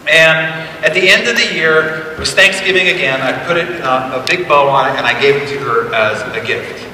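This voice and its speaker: A man in his forties giving a motivational keynote, telling stories in an animated, conversational way with emphatic asides. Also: on the high side, a little fast, slight background noise. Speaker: keynote speaker. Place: large event hall, live on stage. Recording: echoey hall taped from far off.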